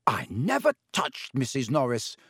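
A man voicing an earnest teenage boy who speaks up loudly in his own defense. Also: medium pitch, wildly swooping pitch, measured pace, husky, no echo, clean studio sound, full character voice. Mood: defensive. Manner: loud, defensive.

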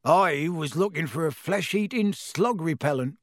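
Man doing a gruff giant gamekeeper. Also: on the high side, lively intonation, normal speed, no echo, studio quality, lightly acted. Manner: gruff, growling. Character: huge bearded gamekeeper, gruff but kind.

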